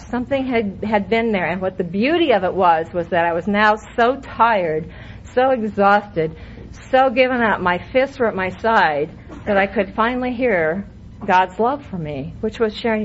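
A middle-aged woman sharing her recovery story at a meeting, candid and wry, breaking into laughter as she tells it. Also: medium pitch. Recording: muffled lo-fi recording with faint hiss.

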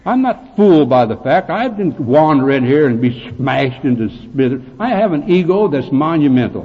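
A man speaking at a recovery meeting, telling his story bluntly with gruff, dark humor. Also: mid-range voice, big-room sound. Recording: tinny phone-like recording with faint hiss.

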